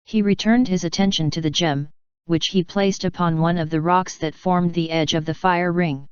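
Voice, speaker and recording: A woman reading fanfiction aloud as an audiobook, in a steady, even storytelling manner. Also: on the low side, moderate pace, clear, resonant tone, dry recording. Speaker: fanfiction reader. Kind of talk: audiobook narration. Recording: dull lo-fi dry recording.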